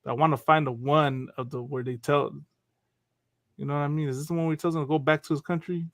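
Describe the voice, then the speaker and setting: A man's voice: a little high, steady tone, fast, a bit bright, dry recording. A man hosting a casual religious talk show, loose and chatty, often laughing and asking "you know what I mean". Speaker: radio show host.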